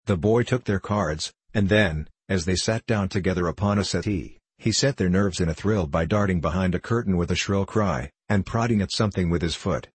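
A man reading a period novel aloud as a narrator, in a measured, even manner, giving the characters light voices. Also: sits low, slightly rough, dry recording. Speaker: audiobook narrator. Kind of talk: scripted narration.

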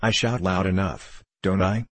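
Storybook voice of an impatient, clever boy, read by a man, deep, husky and dry. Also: steady tone, dry recording. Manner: brisk and impatient. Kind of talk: storybook reading.

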